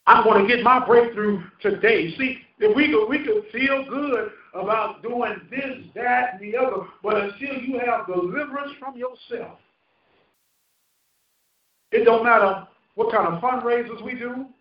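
A man's voice: very high voice, a little slow. A male pastor preaching a fervent sermon, emphatic, with call-and-response to the congregation. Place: church sanctuary. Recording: echoey hall, distant mic, dull sound.

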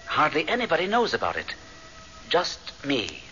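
A sly, teasing ghost. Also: male voice, a little high, huge pitch swings, moderate pace, sharp tone, exaggerated voice. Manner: dry, teasing, knowing. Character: ghostly man, Paul's dead friend, sly. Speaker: actor in radio drama. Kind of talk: 1970s radio drama acting. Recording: dull vintage radio broadcast, faint hiss.

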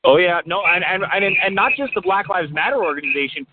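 A young man in casual call-in talk, halting and profane, stumbling over restarts. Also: high voice, animated. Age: young adult. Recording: tinny phone-like line with loud hiss.

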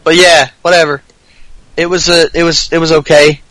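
A man's voice: a little high, little pitch movement, moderate pace, a bit bright, dry recording, low-quality recording. A man with a Southern US accent co-hosting a podcast, recapping wrestling in a sarcastic, profane way. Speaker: podcast co-host. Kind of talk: casual chat.

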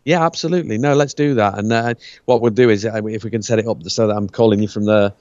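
A man's voice: fairly low pitch, fairly even intonation, fast talker, darkish tone, dry recording, dull audio. A man from the UK, a musician guest in a casual interview, talking hesitantly and restarting his words.

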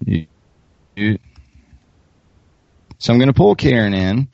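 A man's voice: lowish voice, takes it slowly, gravelly, no room sound, dull audio. A man with a Southern accent hosting a podcast and telling stories in a laughing, casual way. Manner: lively, laughing storyteller. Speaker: podcast host. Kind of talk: casual chat.

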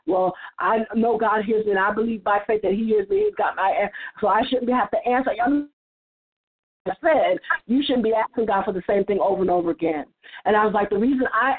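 A woman's voice: medium pitch, breathy edge. A woman on a church roundtable sharing testimony in an earnest, casual way, often repeating words as she starts a thought. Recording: tinny phone-like line.

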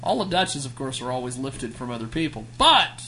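A man's voice: medium pitch, brisk. A man hosting a casual radio show, joking and swearing casually as he introduces his guests. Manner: animated, jokey, swears casually.

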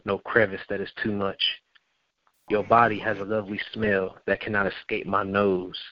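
A man with a fairly low voice recites spoken-word poetry slowly and in a measured way. He comes through a dull, lo-fi call-in line. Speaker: poet guest.

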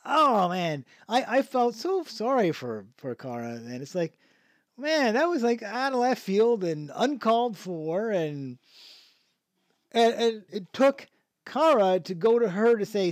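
Here a podcast host with a high, sing-song voice goes a little slow, chatting loosely about a show in a rambling review with many restarts and frequent laughs. The audio is dry and studio quality.

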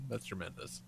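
A man hosting a podcast in casual chat, swearing freely and talking in a loose, excitable way. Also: high-pitched, vocal fry, slight background noise. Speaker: podcast host.

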